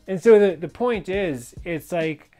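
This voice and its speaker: A man speaking with a slightly raised pitch, telling a personal story with steady intensity. He rambles and restarts often, filling gaps with "you know" and "like". Faint music plays softly behind him. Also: measured pace. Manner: intense and emphatic, rambling with many fillers and restarts. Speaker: fitness and yoga instructor sharing personal stories.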